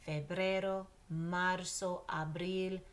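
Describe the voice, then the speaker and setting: A woman teaching Spanish to children, patiently saying words and pausing for her class to repeat them, mixing English and Spanish. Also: fairly low pitch, flat delivery. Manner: patient, pauses for repetition. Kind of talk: slow drill lesson for children.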